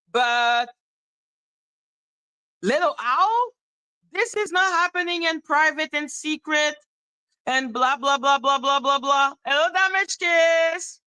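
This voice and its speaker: Animated woman ranting on a livestream. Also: high voice, measured pace, dry recording, low-quality recording. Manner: animated, repetitive, ranting with laughter. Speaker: livestream host. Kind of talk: casual livestream chat.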